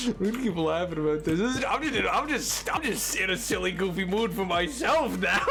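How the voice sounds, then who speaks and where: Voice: mid-range voice, sing-song, fairly quick, hardly any pauses, music in the background. A game streamer chatting live with viewers, giggling and breaking into laughing fits between lines. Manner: talking to chat.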